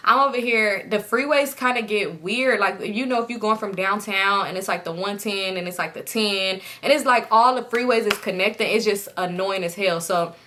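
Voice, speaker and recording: A young woman vlogger casually telling a story straight to her viewers, animated and chatty. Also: medium pitch, moderate pace, hardly any pauses, slight background noise.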